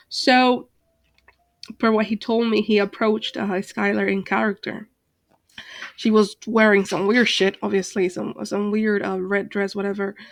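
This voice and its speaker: A woman's voice: mid-range voice, vocal fry, no room sound. A woman ranting casually to her channel, hesitant with many fillers and restarts, tired from being up late and exasperated. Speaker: channel host, Second Life roleplayer. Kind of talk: casual rant to camera.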